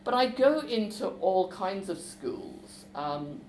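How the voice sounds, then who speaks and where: A woman author talking about her visits to schools, lively and chatty. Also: medium pitch, slow pace, echoey room, slight background noise, rough recording. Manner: lively, chatty, with fillers and restarts. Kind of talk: talk with a book reading.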